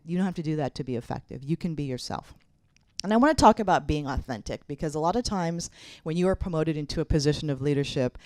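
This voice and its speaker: A woman's voice: low-pitched, a little mellow, no room sound, studio quality. A middle-aged woman giving a conference keynote as a mayor, speaking candidly and directly as she gives advice. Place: conference hall.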